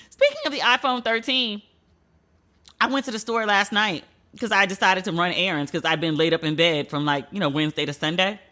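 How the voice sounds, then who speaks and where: A woman's voice: medium pitch, normal speed. A woman hosting a solo podcast, talking bluntly and profanely as she tells stories and vents. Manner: blunt, profane, animated storytelling. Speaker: podcast host.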